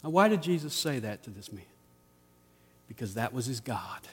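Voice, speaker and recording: A man preaching a sermon as pastor, rising to emphatic peaks and dropping to quiet asides. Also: mid-range voice, sing-song, normal speed, slightly rough, big-room sound.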